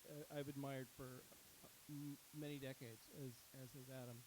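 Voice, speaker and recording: A middle-aged man answering on a panel, measured and unhurried. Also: medium pitch, flat delivery, noisy background. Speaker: startup co-founder, guest.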